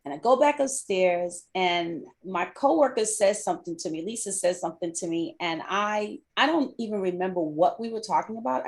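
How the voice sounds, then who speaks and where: Candid middle-aged woman podcast host. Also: on the low side. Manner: candid, repeats phrases for emphasis. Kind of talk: personal storytelling podcast.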